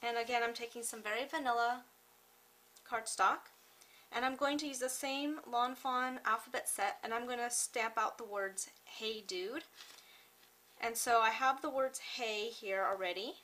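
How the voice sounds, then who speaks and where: A woman hosting a card-making tutorial, talking through each step in a chatty, unhurried way with small fillers and self-corrections. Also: fairly high pitch, sharp tone, poor audio. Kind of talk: step-by-step craft tutorial narration.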